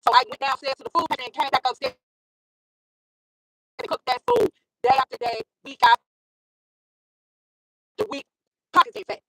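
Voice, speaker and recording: High-voiced woman telling her story emphatically. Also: sing-song, normal speed, long pauses, sharp tone, dry recording, poor audio. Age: adult with a school-age son. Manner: emphatic, repeats phrases for stress. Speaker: vlogger. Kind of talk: casual storytelling monologue.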